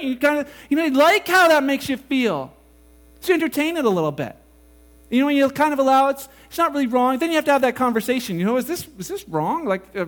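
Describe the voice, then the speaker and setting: A man preaching a sermon, animated and casual, acting out quoted voices as he goes. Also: very high-pitched. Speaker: pastor.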